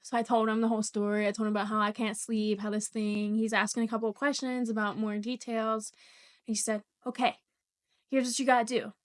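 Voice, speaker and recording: A young woman hosting a podcast, telling a personal story in casual chat, animated and swearing freely, often laughing mid-sentence. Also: mid-range voice, fast talker. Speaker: podcast host.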